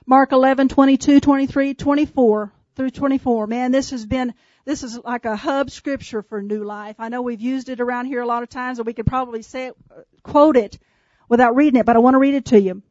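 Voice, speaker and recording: A woman preaching a sermon to a small church, slowing to hushed emphasis on key lines and calling out listeners by name. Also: sits high, fairly even intonation, dry recording, highs cut off. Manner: shifts from brisk asides to slow, hushed emphasis; addresses congregation members by name.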